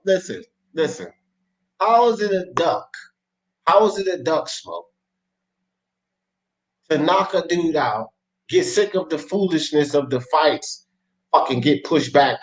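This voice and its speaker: A man with a high voice hosts a sports talk show, arguing bluntly in a heated debate full of swearing and street slang. He's on a podcast mic, and the recording is rough.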